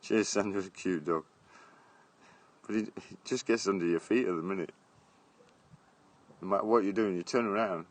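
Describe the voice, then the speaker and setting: In his garden outdoors, a middle-aged Englishman chats bluntly on a live stream, holding his phone at arm's length, laughing often and swearing. His voice sits low, with a moderate pace and long pauses, the feel of a casual live-stream chat.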